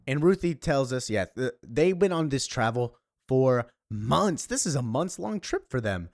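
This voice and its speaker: A man talking casually through a comic book, chatty and loose, full of fillers and side remarks. His voice sits in a middle pitch, and the sound is dry and close. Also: very animated, a little slow, hardly any pauses, no echo. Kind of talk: casual comic read-along commentary.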